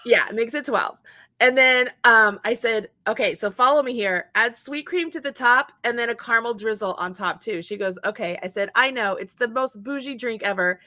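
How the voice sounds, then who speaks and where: A woman in her forties with a bright, forceful voice, telling family stories in a casual chat. She acts out each person's lines as she goes. The sound is dry and close. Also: fairly high pitch, moderate pace, no echo. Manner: animated storyteller acting out quotes. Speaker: host.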